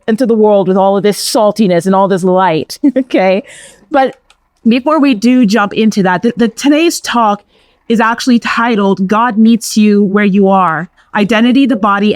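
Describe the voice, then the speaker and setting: A middle-aged Catholic woman with a New York accent delivers an inspirational faith talk in a mid-range, darkish voice. Her preacherly cadence is emphatic and repetitive, and the recording is dry.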